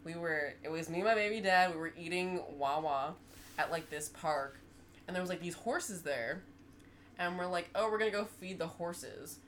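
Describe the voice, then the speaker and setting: A woman's voice: on the low side, moderate pace, slight background noise. A woman in her twenties, co-hosting a podcast, telling stories in a casual chat and laughing often. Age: 20s. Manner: animated storyteller who laughs often. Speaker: podcast co-host.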